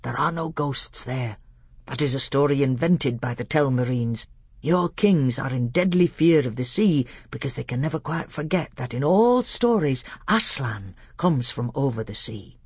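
A man voicing a wise, gentle old male tutor in a measured, earnest audiobook reading. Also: medium pitch, animated, dry recording, studio quality. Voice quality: gravelly, husky. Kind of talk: audiobook character voice.

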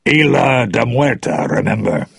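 A man reading aloud, voicing a sly, gruff male pirate rival. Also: mid-range voice, sing-song, measured pace, no room sound, voice pushed up, exaggerated voice.

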